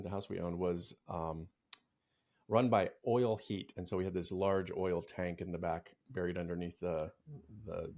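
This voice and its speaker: A man's voice: deep voice, darkish tone. A man speaking as a relationship coach on a podcast, telling a personal story in a reflective way. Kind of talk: casual podcast chat.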